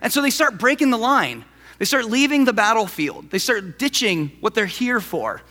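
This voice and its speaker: A man preaching a sermon as pastor in an animated, conversational way. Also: extremely high pitch, normal speed, long reverb tail.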